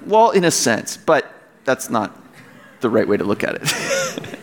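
A man preaching as pastor, passionate and at times near yelling, quoting scripture and urging his congregation. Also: medium pitch, very animated, unhurried, pauses often, big-room sound. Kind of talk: sermon.

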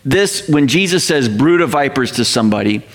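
Animated male preacher, lively pitch. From North America. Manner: animated, quotes scripture slowly, paraphrases in quick asides. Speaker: pastor. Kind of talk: sermon.

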